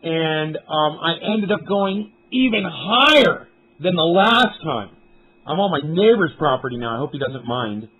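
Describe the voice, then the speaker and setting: Live-streaming from up on a mountain, a man rambles casually to his viewers and swears freely, his fairly high, husky voice animated but unhurried. The cell phone mic gives it a tinny, phone-quality sound.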